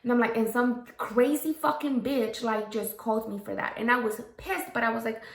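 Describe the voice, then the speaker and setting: Woman vlogger chatting through her makeup, kinda high voice, swears a lot, roomy echo. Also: steady tone, moderate pace, gravelly. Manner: frank and profane, with frequent "okay?" and "right?" check-ins. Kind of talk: casual storytelling during a makeup tutorial. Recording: echoey room.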